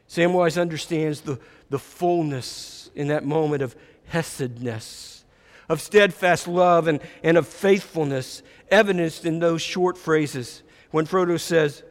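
A man's voice: fairly high pitch, unhurried. A man preaching a sermon, retelling a story reflectively with repeated phrases. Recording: echoey hall reverb.

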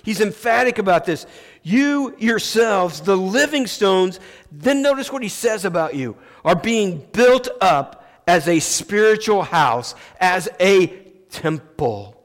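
High-voiced pastor guy, slow emphatic sermon, lots of restarts, big echoey church. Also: very animated. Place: church sanctuary. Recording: long church reverb.

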